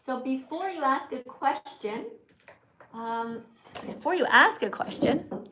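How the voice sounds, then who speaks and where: A woman's voice: high voice, expressive, slow pace, background noise. A woman hosting a livestream, lecturing her viewers in an emphatic, preachy, teacherly way. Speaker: livestream host and vegan activist.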